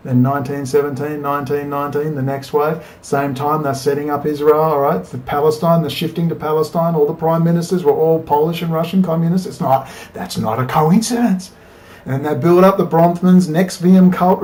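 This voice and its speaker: A political video blogger records himself on his laptop webcam, his voice pitched a little high and somewhat mellow. He delivers an impassioned, rambling monologue to the camera, swinging between urgent exhortation and weary asides.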